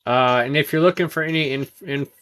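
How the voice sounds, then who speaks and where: Sounding weary and yawning, a man hosts a late-night trading stream, casually commenting on charts and saying hello to people in chat. His delivery is halting and laced with ums and uhs, and his pitch sits fairly high.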